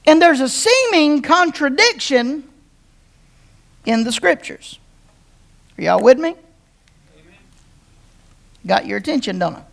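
A woman's voice: sits high, big pitch swings, slow pace, creaky, pauses often. A woman pastor giving a sermon, joking and telling stories with playful humor.

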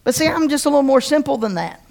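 High-voiced, stammering conversational preacher. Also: animated, fast talker, gravelly, a little mellow. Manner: repeats words and restarts often, asks the congregation questions. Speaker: pastor. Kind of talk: conversational sermon.

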